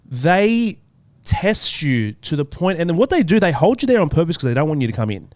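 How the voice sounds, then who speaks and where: A man's voice: a little high, sing-song, a little fast, a little mellow, no echo. A man, a podcast co-host, telling a story in casual chat, blunt and swearing freely. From Australia. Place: podcast studio.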